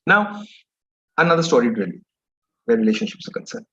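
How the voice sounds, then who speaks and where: A man's voice: on the high side, big pitch swings, fast, a bit bright. A man with an Indian English accent giving a motivational talk, telling an anecdote in a rambling, conversational way. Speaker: motivational speaker. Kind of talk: storytelling lecture. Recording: dull lo-fi recording.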